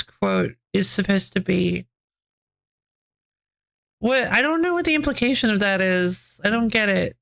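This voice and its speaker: A woman's voice: mid-range voice, big pitch swings, a little slow, creaky, long pauses, fairly bright tone. A woman streamer chatting casually with her viewers, rambling, restarting her sentences and giggling often. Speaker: game streamer. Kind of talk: casual live-stream chat, answering chat.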